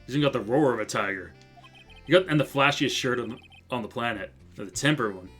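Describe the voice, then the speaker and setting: A man's voice: mid-range voice, fast, fairly bright tone, faint music behind. A man streaming a video game, making offhand joking asides in casual commentary.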